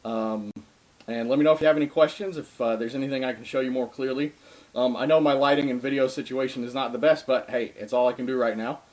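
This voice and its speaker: Speaking quickly in a slightly mellow, mid-range voice with fairly even intonation, a young adult darbuka teacher gives an informal lesson in a home room. He says um and uh a lot and stops to drum between phrases.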